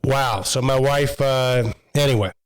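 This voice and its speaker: A man's voice: mid-range voice, unhurried, clean tone, poor audio. A man co-hosting a trade podcast in casual chat, telling stories in a rambling way with many fillers. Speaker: podcast co-host.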